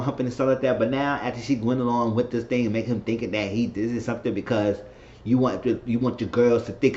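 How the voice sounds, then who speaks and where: A man's voice: lowish voice, darkish tone. Man, casual show recap, chatty, roomy room, dull lo-fi sound, faint hiss. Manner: chatty, acts out characters' lines in exaggerated voices. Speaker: TV series recapper. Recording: roomy, slightly dull home recording with faint noise.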